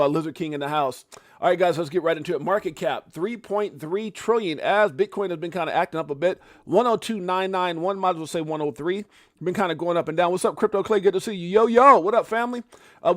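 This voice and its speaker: Hosting a crypto livestream, this middle-aged man keeps things playful, tossing in casual swearing and greeting viewers by name. His pitch runs a little high for a male voice and the tone is fairly bright. The audio is close-miked and dry, without echo or any sense of a room.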